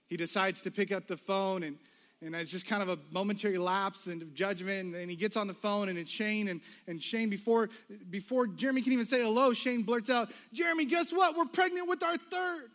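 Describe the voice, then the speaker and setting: A man's voice: high-pitched, moderate pace, a bit bright. A man preaching a sermon, telling a personal story and acting out the voices of the people in it. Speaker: pastor.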